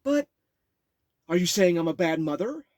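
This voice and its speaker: A man reading his memoir aloud and voicing his drunk, self-pitying mother with a raised, shrill pitch. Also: lively intonation, normal speed, darkish tone, no room sound, studio quality, lightly acted. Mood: defensive.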